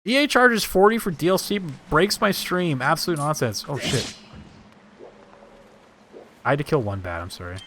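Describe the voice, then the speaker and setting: A man's voice: a little high, expressive, normal speed, pauses often, a bit bright, a little hiss or hum. A man streaming live gameplay, joking, swearing and rambling in asides.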